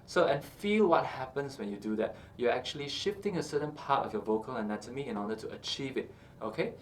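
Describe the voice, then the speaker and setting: A man teaching singing, explaining calmly with many fillers and checking in with "okay" as he goes. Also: mid-range voice, a little fast, a little hiss or hum. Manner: explains calmly with frequent uh and okay, breaks into short sung examples. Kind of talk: instructional talk with sung demonstrations.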